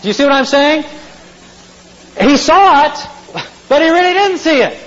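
A man's voice: very high voice, animated, moderate pace, fairly bright tone, dull audio. A man preaching to a congregation, telling folksy stories and asking the listeners questions. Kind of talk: sermon.

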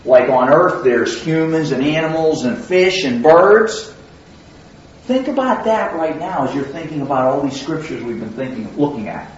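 A man's voice: a little high, moderate pace, a little hiss or hum. A man preaching a sermon in a conversational, teaching way, often putting questions to his listeners. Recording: very echoey hall, distant mic, dull sound.

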